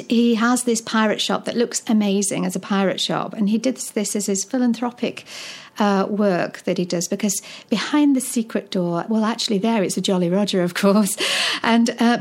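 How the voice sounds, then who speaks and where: A woman's voice: medium pitch, darkish tone. A woman, founder of a children's charity, talking eagerly in an interview with frequent ums and restarts. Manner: enthusiastic, hesitant with many fillers and restarts. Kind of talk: conversational interview.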